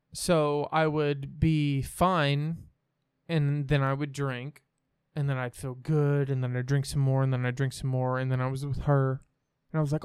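Frank young man with a clear, dry voice. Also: a little high, a little mellow, dry recording. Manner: frank, swears freely, rambling. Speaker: podcast guest. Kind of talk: candid personal storytelling.

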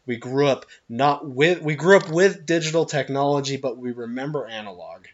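A man's voice: medium pitch, moderate pace, highs cut off. A man in his twenties chatting casually on a podcast, rambling with frequent restarts. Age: 20s. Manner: rambling, many restarts, animated storytelling. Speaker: podcast co-host. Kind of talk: casual chat.

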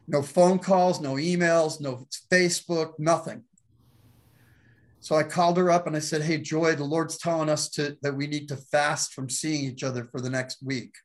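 A male pastor telling his testimony to an interviewer, animated and quick to laugh. His voice sits a little high for a man, and he acts out the people in the story as he goes. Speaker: pastor and guest.

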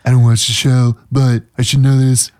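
A relaxed man co-hosting a podcast, chatting casually and easily amused. His voice sits at an ordinary middle pitch. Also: moderate pace. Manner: relaxed, laughs along. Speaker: podcast co-host. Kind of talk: casual chat.

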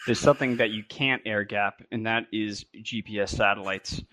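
A man in casual podcast chat, explaining ideas in a measured way. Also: fairly low pitch, steady tone, fairly bright tone, no echo.

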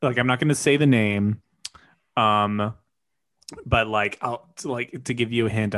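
A man co-hosting a relaxed comedy advice podcast in an easygoing, agreeable way. He teases his co-host playfully and hands out loose advice. His voice sits at an ordinary middle pitch for a man. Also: unhurried, pauses often, no echo. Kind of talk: casual comedic advice chat.

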